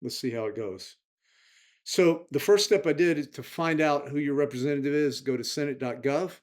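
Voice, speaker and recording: A man's voice: on the high side, normal speed. A man hosting his own video, giving indignant, chatty political commentary straight to his viewers. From United States. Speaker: vlog host. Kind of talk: casual political commentary to camera.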